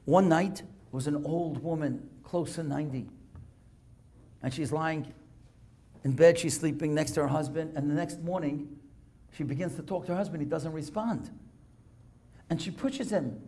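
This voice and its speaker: A man rabbi tells stories in a synagogue talk, his voice pitched high with a gravelly edge. He speaks in an animated way, reads Hebrew texts aloud and translates them as he goes. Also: moderate pace, pauses often. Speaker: rabbi giving a guest lecture. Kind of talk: storytelling sermon. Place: synagogue lecture.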